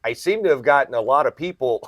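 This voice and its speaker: Brief: male podcast host, comic retailer, chatty explainer, mid-pitched, dry close sound. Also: animated, quick pace, dry recording. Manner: explains at length, often checks in with "right?". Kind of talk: casual podcast chat.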